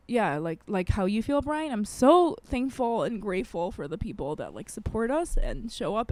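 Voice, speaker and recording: Rambling, foul-mouthed woman podcast host. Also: mid-range voice. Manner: rambling, heavy swearing, constant "like". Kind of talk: casual chat.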